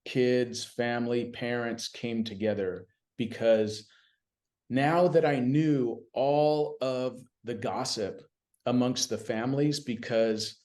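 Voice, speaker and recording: A man telling stories as a guest in a casual podcast conversation, animated and chatty, often saying "you know what I mean.". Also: mid-range voice, slow pace. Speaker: podcast guest, BMX announcer.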